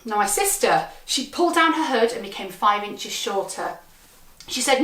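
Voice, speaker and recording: A woman's voice: a little high, moderate pace. Wry woman telling a comic story. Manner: deadpan, wry, punchy delivery. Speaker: comedian storyteller. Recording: echoey, from a distant mic.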